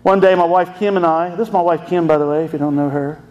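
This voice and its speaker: A man's voice: fairly high pitch, fairly even intonation, quick pace, darkish tone, dull audio. A middle-aged man, a pastor telling an emotional family story in a folksy sermon.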